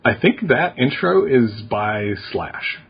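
A man co-hosts a relaxed podcast chat with a deeply husky, breathy voice. He rambles, leaning on fillers and restarting his sentences. The audio is slightly dull and lo-fi. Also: takes it slowly. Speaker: podcast co-host. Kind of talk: casual chat.

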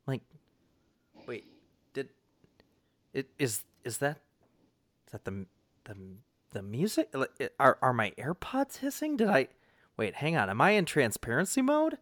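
Animated storytelling man, lively pitch. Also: measured pace, long pauses, dry recording. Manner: animated, swears freely, lots of fillers and restarts. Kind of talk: casual anecdote.

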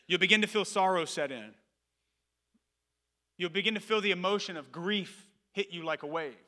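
A man in his thirties, a pastor preaching a sermon in a church, moving between loud emphatic calls and soft, low asides. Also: moderate pace. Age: 30s.

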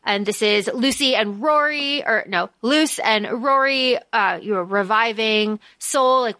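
A woman with a bright, fairly high voice talks through a book's plot on a podcast. She rushes through the recap in lively bursts. The sound is close and dry. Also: no echo. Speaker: podcast co-host. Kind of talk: casual book-discussion chat.

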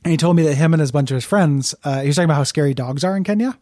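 A man's voice: fairly high pitch, very fast, warm tone, no room sound. A man hosting a casual comedy podcast, telling stories in an easygoing, rambling way. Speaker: podcast host.

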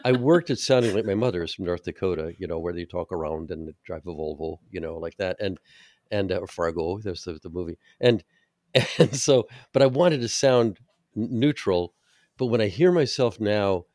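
An older man with a low, deep voice and a South Jersey accent tells rambling stories in a casual podcast chat. The sound is close and dry, with no room around it. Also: normal speed, a little mellow, no room sound. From New Jersey. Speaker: podcast co-host.

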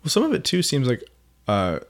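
A man co-hosting a faith podcast, chatting in a relaxed, agreeable way. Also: mid-range voice, brisk. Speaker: podcast co-host. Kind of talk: casual faith podcast chat.

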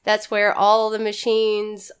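A woman's voice: mid-range voice, monotone, slow pace, clean tone. A woman from Mississippi, a podcast guest telling stories casually with laughs. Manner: chatty, laughing, says y'all. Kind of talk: casual storytelling.

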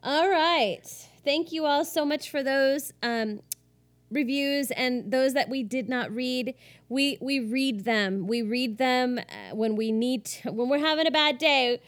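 Bubbly high-voiced woman co-host. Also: slow. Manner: bubbly, giggly, trails off with fillers. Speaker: podcast co-host. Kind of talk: casual chat reading listener reviews.

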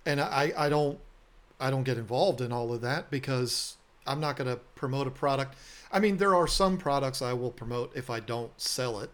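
A man's voice: mid-range voice, normal speed. Guy hosting a chat, earnest and a bit self-deprecating, restarts his words a lot, ordinary middle voice. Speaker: podcast host and aquarium business owner. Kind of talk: casual storytelling conversation.

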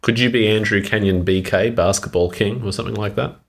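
A man, co-hosting a podcast in playful, animated casual chat. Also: on the low side, fairly quick, creaky. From Australia. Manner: playful, animated, laughs often. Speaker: podcast co-host.

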